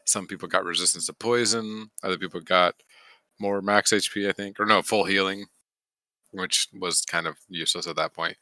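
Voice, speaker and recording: Man, lowish voice, very bright sharp tone, dry close sound, jokey game recap. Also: moderate pace, no room sound. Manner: animated, jokey storyteller, swears freely. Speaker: player. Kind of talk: casual recap of a tabletop game.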